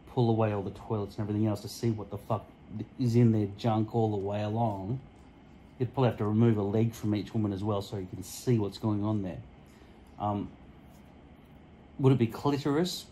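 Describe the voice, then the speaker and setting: Low-voiced man on a profane rambling rant. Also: mellow, a little hiss or hum, rough recording. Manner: profane, tangent-hopping, mock-offensive. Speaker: vlogger. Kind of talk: rambling solo rant to camera. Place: indoors at home, in front of a mirror. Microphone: phone camera stuck to a mirror.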